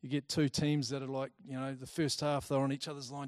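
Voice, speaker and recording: A man giving a talk to a live audience, lively and chatty, telling personal stories and acting out the people in them. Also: mid-range voice, fast talker, dry recording, studio quality. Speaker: speaker presenting to a group.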